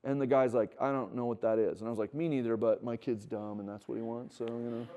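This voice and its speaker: A man's voice: mid-range voice, quick pace. A middle-aged man giving a conversational sermon to students, telling stories and acting out quoted dialogue. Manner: conversational, acts out quoted dialogue, builds to animated emphasis. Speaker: speaker at a Christian wilderness school. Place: teaching room with students.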